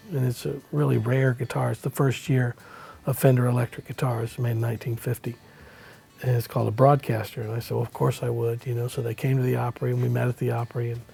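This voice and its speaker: Gravelly older man. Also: mid-range voice. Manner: relaxed storyteller, folksy with many "you know"s. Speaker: country musician, interview guest. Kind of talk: storytelling in a casual interview.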